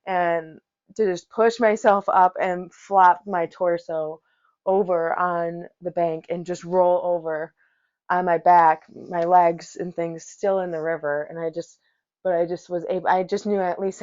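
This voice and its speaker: Woman telling a story in a lowish voice. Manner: profane, rambling, animated storyteller. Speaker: podcast host, yoga teacher. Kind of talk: casual storytelling monologue. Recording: dull lo-fi recording.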